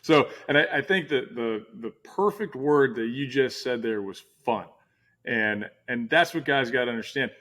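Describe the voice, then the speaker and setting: A man's voice: medium pitch, normal speed, a bit bright. A middle-aged man hosting a casual interview, talking in a rambling way with many restarts. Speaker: podcast host.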